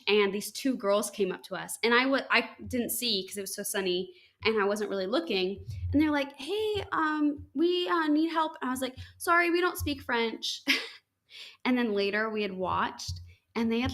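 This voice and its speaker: A woman's voice: mid-range voice, a little fast, a bit bright. Chatty young woman telling a story. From United States. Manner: chatty, full of "like", acts out quoted dialogue. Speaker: podcast host. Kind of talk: casual storytelling chat.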